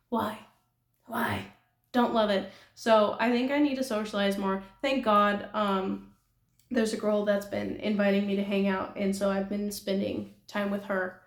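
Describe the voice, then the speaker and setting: In an apartment room with noticeable echo, a young woman from California who vlogs about nail art talks to her viewers in a loose, rambling way. Her mid-range voice stays level and unhurried, broken up by frequent giggles and self-deprecating remarks.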